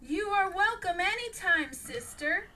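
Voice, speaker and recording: A woman's voice: very high-pitched, lively intonation, a little slow, pushed and bright, voice pushed up, exaggerated voice. A woman voicing a bold young woman who comes to the rescue. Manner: bold, declarative.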